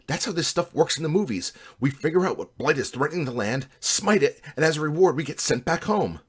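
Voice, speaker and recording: A man voicing an eager young man adventurer who talks loudly and excitedly. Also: a little high, fairly quick, breathy edge, voice pushed up. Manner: loud, excited.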